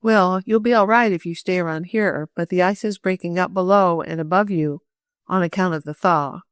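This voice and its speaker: An earnest, worried caretaker of middle years, read by a woman narrator. The voice sits low and is recorded dry and close, as in a storybook reading. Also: normal speed, clean tone, no room sound, close to an everyday voice. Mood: concerned. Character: middle-aged male camp caretaker, worried.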